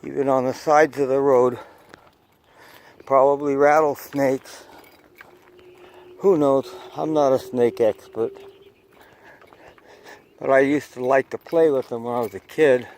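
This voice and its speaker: Slow, rambling man hiking outdoors. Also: mid-range voice, steady tone, darkish tone, a little hiss or hum. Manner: rambling, chatty, talks to viewers while walking. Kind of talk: casual hiking vlog narration. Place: outdoors on a hillside trail overlooking a city. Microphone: phone camera held while hiking.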